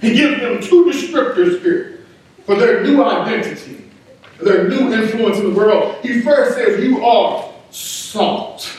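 A man's voice: very high-pitched, lively intonation, unhurried, darkish tone. A man preaching a sermon in a church, emphatic, repeating key words for stress. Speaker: pastor. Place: church sanctuary. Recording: echoey room, mic at a distance.

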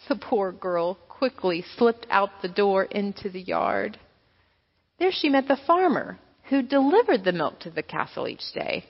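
A woman pastor reading a children's story aloud with expressive storytelling. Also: medium pitch, measured pace. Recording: echoey hall, dull lo-fi sound.

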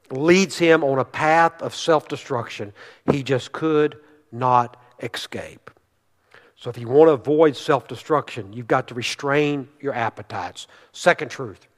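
Male pastor, slightly high voice, emphatic sermon delivery with repetition, reverberant sanctuary sound. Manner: emphatic preaching, rising loud for rallying lines, dropping low to teach; repeats key words for emphasis. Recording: long reverb of a large hall.

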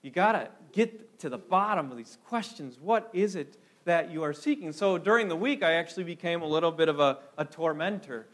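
A man from Minnesota preaching a sermon as pastor, telling stories in an animated way with frequent restarts. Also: fairly high pitch, a little fast, few pauses. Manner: animated storytelling with repeated restarts.

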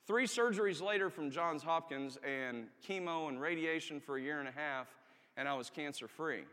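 A man's voice: fairly high pitch, normal speed, pushed and bright. A man, an army chaplain, giving a candid testimony sermon and telling his story earnestly with emphatic rises. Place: church. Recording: long reverb of a church hall.

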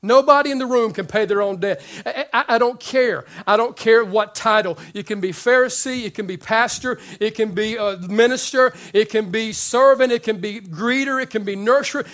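High-voiced man preaching a lively sermon. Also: normal speed, hardly any pauses. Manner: conversational, joking, repeats words when excited. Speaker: pastor.

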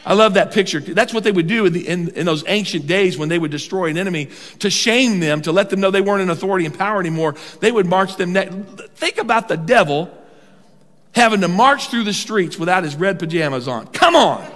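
High-voiced older man preaching in a hall. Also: fairly quick. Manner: animated preaching with humor, stretching key words. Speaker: pastor. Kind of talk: sermon. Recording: long hall reverb.

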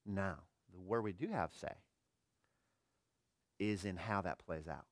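A middle-aged man preaching a sermon as pastor, earnest, firing rhetorical questions and swinging between quiet and emphatic delivery. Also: low voice, takes it slowly, no room sound, clean studio sound.

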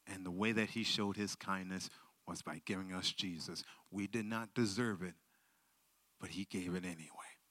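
A man preaching a sermon with a story, moving between hushed near-whispers and loud, excited telling. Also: on the low side, no room sound. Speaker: speaker at school assemblies and church event.

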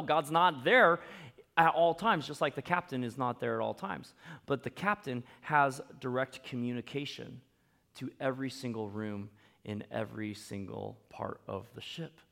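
This pastor's voice sits on the high side, slightly bright and marked by vocal fry. He delivers his sermon like a conversation, frequently asking tag questions to check in with the congregation and adding playful asides.

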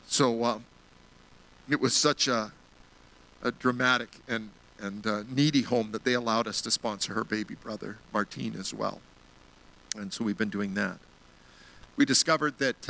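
Speaking as a church guest, a man with a medium-pitched, gravelly, bright voice preaches in a forceful tone. He shares a personal story with earnest feeling, becomes emotional, and appeals to the congregation, all captured in a low-quality recording.

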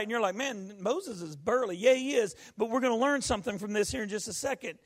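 A male pastor preaching a folksy sermon, rising to shouts. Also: sits high, brisk, hardly any pauses.

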